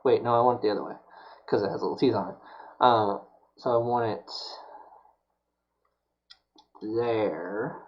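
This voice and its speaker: Slow-talking man muttering to himself. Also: medium pitch, darkish tone, lo-fi sound. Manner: mutters to himself, mild self-scolding. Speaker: streamer building a prop. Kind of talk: casual live-stream self-talk while crafting.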